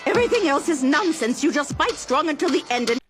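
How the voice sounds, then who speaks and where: A woman's voice: sits high, lively intonation, fast talker. A woman voicing a stern female anime character who lectures a fighter firmly, with music behind her.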